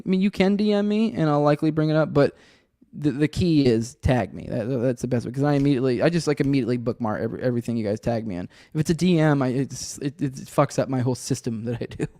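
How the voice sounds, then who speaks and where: Podcast host: man, rambling and sardonic, swears freely, dark mellow voice on a dry, close track. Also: mid-range voice, no echo. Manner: rambling, profane, sardonic, many restarts. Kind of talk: casual solo commentary with chat. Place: home room with a cat and a desk.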